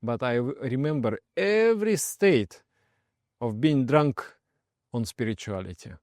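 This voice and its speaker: Male meditation teacher, gentle storyteller, medium pitch, dry recording. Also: expressive, unhurried, no room sound. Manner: soft-spoken, often trails off quietly, laughs while telling stories. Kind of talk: personal story and spiritual advice.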